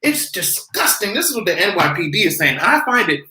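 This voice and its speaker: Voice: sing-song, fast, pushed and bright. Sarcastic, profane vlogger ranting in a roomy space. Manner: breaks into high mocking voices and laughter. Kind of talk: ranting commentary vlog.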